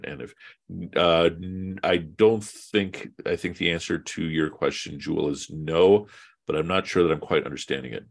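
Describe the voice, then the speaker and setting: Deep-voiced man teaching a Quran class. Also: moderate pace. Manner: conversational, quizzes students, uses fillers. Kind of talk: casual online religious lesson.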